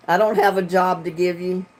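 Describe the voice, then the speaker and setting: A North Carolina woman with a Southern drawl hosts a livestream from home, reading the chat aloud, talking casually and laughing a lot. Her voice is fairly low with little pitch movement, at a normal speed, picked up by a computer webcam mic.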